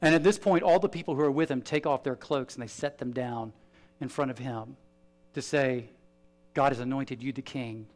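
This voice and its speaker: A man preaching a sermon as pastor, animated, swinging between loud emphasis and hushed asides. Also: mid-range voice, moderate pace.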